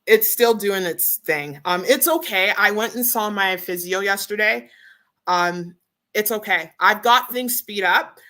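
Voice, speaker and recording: Bright-voiced upbeat woman. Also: medium pitch. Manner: emotional, upbeat, talks straight to viewers. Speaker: live stream host. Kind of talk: casual live stream chat. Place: home, beside her router.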